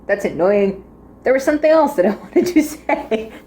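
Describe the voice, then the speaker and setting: High-voiced giggly woman reviewer. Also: lively intonation, moderate pace, dark tone. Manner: rambling, giggly, chatty. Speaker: drama reviewer. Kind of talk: casual spoken review.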